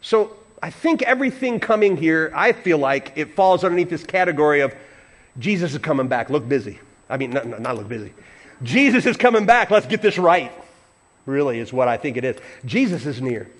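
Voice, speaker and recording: High-voiced animated man preaching a sermon. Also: brisk. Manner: animated, playful, acts out voices and leads congregation singing. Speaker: pastor. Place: church.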